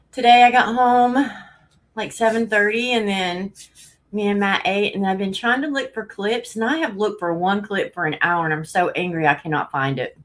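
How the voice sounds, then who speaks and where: A woman's voice: mid-range voice, measured pace. A woman talks casually on a home live stream, a little out of breath. She rambles from topic to topic and laughs often as she greets her viewers by name.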